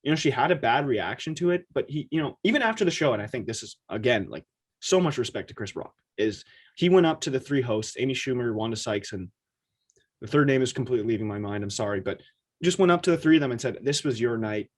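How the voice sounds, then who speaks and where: A man co-hosting a podcast in a casual chat, talking in an animated way and acting out quotes in quick asides. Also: medium pitch, husky. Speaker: podcast co-host.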